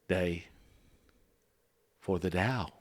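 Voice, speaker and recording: A man's voice: deep voice, extremely slow, no room sound. A man co-hosting a casual spiritual podcast, playful and given to jokey slang. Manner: playful, drifts into joking put-on slang. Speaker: podcast co-host and Taoist teacher.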